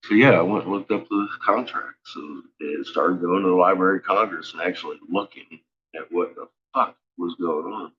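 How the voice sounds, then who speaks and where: A man with a deep, low voice rambles through a casual monologue, swearing freely and stammering as he restarts his thoughts. The recording sounds dull and lo-fi. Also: normal speed.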